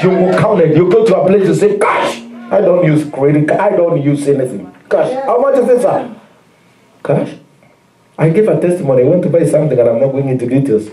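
A man's voice: a little high, expressive, fast talker, mellow. A man with a Kenyan accent preaching a sermon as pastor, in call-and-response style with repeated phrases. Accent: Kenyan English. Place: church hall. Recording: roomy, distant church recording.

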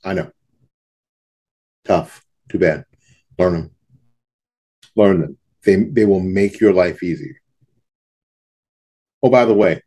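A man's voice: fairly low pitch, a little mellow. A man teaching saxophone students in a casual, folksy talk to camera, often repeating himself and scatting rhythms aloud. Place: home studio in front of a backdrop.

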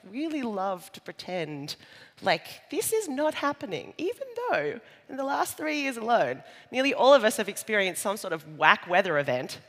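Lively Australian woman speaking on stage. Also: medium pitch. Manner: animated, conversational, jokey asides. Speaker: conference speaker. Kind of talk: keynote talk on stage. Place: conference stage. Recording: live talk in a large reverberant hall.

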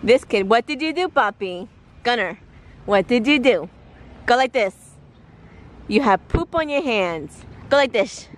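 A woman's voice: on the high side, expressive, unhurried, pauses often. A young woman from New York filming a casual family vlog, teasing and laughing often as she talks to her kids and friends. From Queens, New York. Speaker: vlogger, mother.

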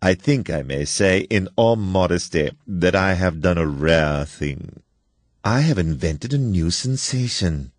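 A cultivated older general, polite and unhurried, with a quiet menace under his hospitality. A man puts him on while reading the story aloud, his voice low and expressive, with a rising, falling lilt. The recording is close and dry, with no room sound. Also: no room sound. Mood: suave. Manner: courteous, measured, slow menace. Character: suave aristocratic older male hunter general.

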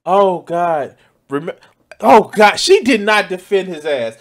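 A man's voice: high voice, very animated, slow pace. A man giving loose, profane reaction commentary as a streamer, often exclaiming and laughing. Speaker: streamer reacting to news clips.

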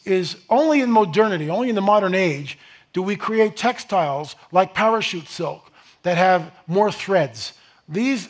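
A middle-aged man delivering an animated lecture to a live audience in a fairly high voice. He rambles with restarts and asides, then builds to emphatic, near-shouted rhetorical questions. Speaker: speaker presenting a slide lecture.

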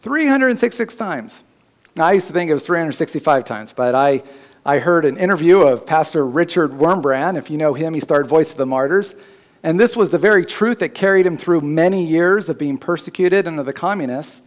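A man preaching a sermon as pastor in a church, his voice climbing higher and louder when he voices God's words. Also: brisk. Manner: preaching, rising loud and high when voicing God's words.

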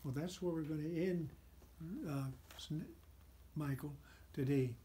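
Pirate-captain storyteller reading to kids; man, playful, slightly high. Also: measured pace, dark tone, slight background noise. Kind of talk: children's read-aloud.

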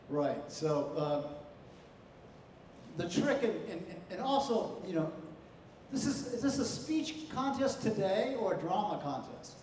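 Halting high-voiced man in an echoey hall. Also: darkish tone, a little hiss or hum. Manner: halting, full of "you know" and "okay?". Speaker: contest judge. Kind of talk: spoken feedback to students. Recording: echoey hall, far from the mic.

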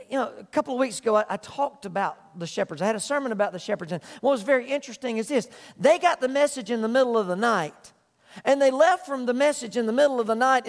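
A man delivers a pastor's sermon in a fairly high voice, earnest and emphatic, leaning on repeated phrases. His words carry a long reverb, as in a church sanctuary.

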